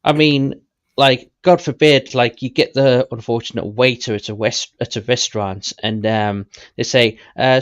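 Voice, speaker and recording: A man's voice: medium pitch, steady tone, normal speed, clear, resonant tone, no room sound. A man chatting casually, hesitant and blunt, with many restarts. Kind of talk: casual stream chat. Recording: dull dry lo-fi mic.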